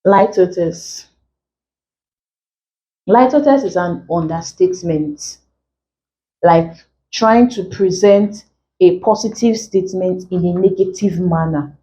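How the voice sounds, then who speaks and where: A woman teacher giving an exam-prep lesson, explaining slowly, repeating key phrases and filling gaps with "like.". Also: on the low side, warm tone, low-quality recording. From Nigeria.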